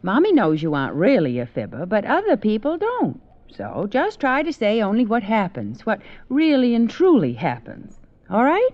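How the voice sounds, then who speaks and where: A woman's voice: medium pitch, huge pitch swings, moderate pace. An actress playing a young mother, firm with her child, in a 1950s radio drama. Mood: scolding. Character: anxious young mother, fond but firm. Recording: dull lo-fi old radio recording.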